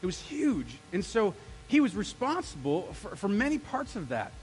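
A male pastor preaching an energetic sermon, throwing questions out to the congregation. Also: high-pitched, normal speed, poor audio.

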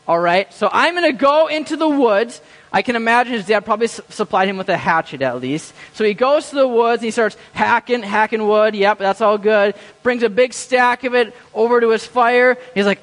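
A man's voice: high-pitched, a little fast, a bit bright. A young man preaching a sermon, telling a story and acting out the inner voices of its people, often repeating his words. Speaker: pastor. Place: church. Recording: church hall with long reverb.

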